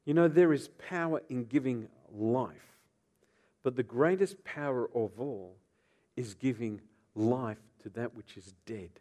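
A man preaching a sermon, retelling scripture dramatically and swinging between soft, low passages and loud outbursts. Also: measured pace.

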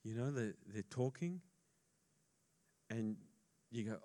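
During his sermon, this pastor alternates between quiet asides and loud emphasis while joking casually with his congregation. He speaks slowly and expressively in a mid-range voice, leaving long pauses.

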